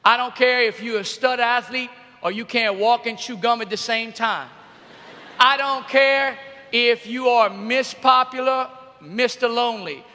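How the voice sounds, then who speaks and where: A middle-aged man and youth speaker telling a comic story to a live audience in an animated way, bursting into shouts. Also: very high voice. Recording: reverberant arena hall.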